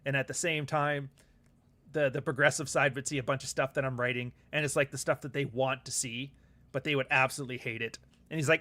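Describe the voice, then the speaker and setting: Man, livestream host, rambling, profane, casual chat, mid-pitched voice. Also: steady tone, fairly quick, fairly bright tone. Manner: rambling and profane, with frequent laughs; reads viewer comments aloud.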